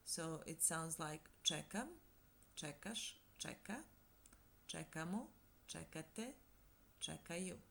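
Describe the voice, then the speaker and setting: A woman with a Montenegrin accent gives a scripted language lesson, speaking slowly and deliberately and pausing between phrases. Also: sits low, lively intonation, gravelly, fairly bright tone, slight background noise. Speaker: language teacher.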